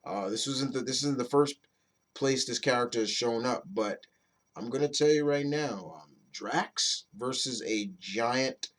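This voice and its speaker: A man's voice: mid-range voice, measured pace, fairly bright tone. Sex: man. Role: casual comic book reviewer. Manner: rambling, loose, swears. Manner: rambling, loose, with mild swearing and many restarts.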